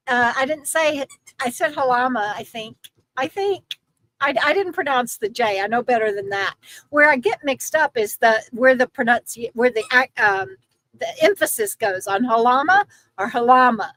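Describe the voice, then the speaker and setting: A woman's voice: high-pitched, no echo, rough recording. A middle-aged woman, chatting casually and giggling as she reads viewer comments on a livestream. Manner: chatty, giggly, talks to her dog in a soft baby voice. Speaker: vlogger hosting a livestream. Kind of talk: casual live chat reading viewer comments.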